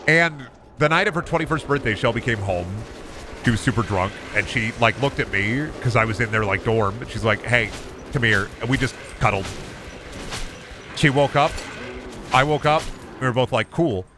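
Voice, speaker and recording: Young male streamer, lively pitch, bright voice, rambling fast goofy chat, faint hiss behind. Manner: fast, rambling and goofy, often loud and high when joking. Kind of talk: casual gaming stream chat.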